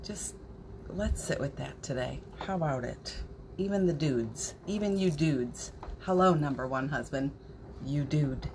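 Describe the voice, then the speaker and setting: Slow, gentle woman hosting a spiritual livestream. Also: low voice, expressive, background noise. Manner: slow, gentle and playful, warmly greeting viewers by name with little laughs. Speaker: host of a spiritual morning livestream. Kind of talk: live-streamed spiritual talk greeting viewers.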